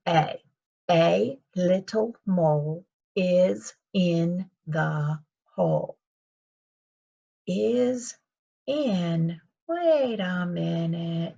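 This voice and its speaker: A woman's voice: fairly low pitch, animated, extremely slow, creaky, mellow, lo-fi sound. A woman teaching kindergarten children in a recorded video lesson, talking patiently in a sing-song teacher voice and calling herself by her surname.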